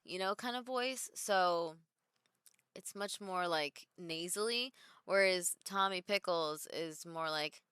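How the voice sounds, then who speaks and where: A woman's voice: lowish voice, slow pace, fairly bright tone, clear, resonant tone, no room sound, studio quality. A woman in her thirties, a wrestler chatting casually on a live stream, reading viewer comments aloud and answering them at home.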